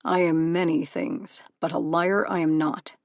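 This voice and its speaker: A woman voicing a brooding male god of the dead who speaks in a measured, controlled way. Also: sits low, fairly even intonation, no echo, highs cut off. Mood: stern calm.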